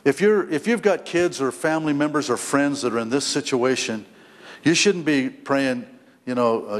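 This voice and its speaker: Middle-aged guy pastor preaching, emotional, stammers and repeats himself, big echoey church hall. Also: normal speed. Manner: emotional, stammering repetitions, rising pitch when voicing the prodigal son. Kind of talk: sermon. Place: church stage. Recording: long hall reverb, faint noise.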